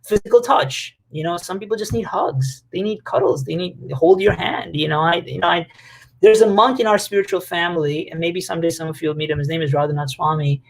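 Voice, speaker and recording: A man leading a casual talk to a group about relationships, animated and chatty, with lots of fillers and playful acted-out quotes. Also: sits high, brisk, gravelly.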